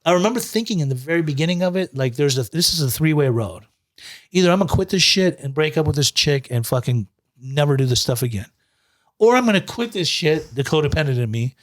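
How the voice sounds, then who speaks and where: A recovery coach telling his story as a guest, in a profane, animated, streetwise way. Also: on the high side. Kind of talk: casual storytelling.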